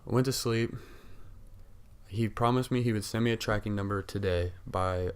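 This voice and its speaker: A young man with a lowish voice tells a story on a casual podcast, worked up and swearing freely. He acts out the other people's lines as he goes. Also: normal speed, clear, resonant tone. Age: young adult. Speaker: podcast co-host. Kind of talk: casual chat.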